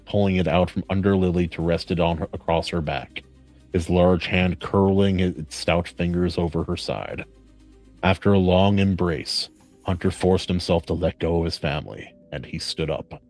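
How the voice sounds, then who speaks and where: A man hosting a podcast, reading a story aloud in a measured, earnest way and then chatting casually. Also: sits low, fairly even intonation, faint music behind. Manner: measured, earnest reading; warm praise in chat.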